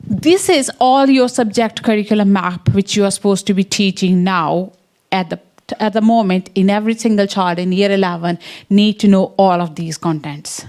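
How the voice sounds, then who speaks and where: A woman's voice: mid-range voice, darkish tone. Indian-accented woman giving an earnest research talk. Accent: Indian English. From English Midlands. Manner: earnest, checks in with listeners. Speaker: science education researcher. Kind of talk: academic talk with slides.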